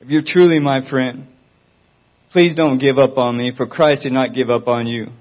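A man speaks in an earnest, pleading way as he gives a spoken Christian testimony. His voice sits at an ordinary pitch for a man. The recording is dull and lo-fi. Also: steady tone, normal speed.

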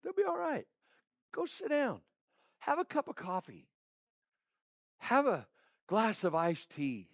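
A man's voice: extremely high pitch, huge pitch swings, slow, pauses often, no room sound, lo-fi sound. A male pastor giving a heartfelt sermon who repeats his phrases for emphasis. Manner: heartfelt, pleading preaching.

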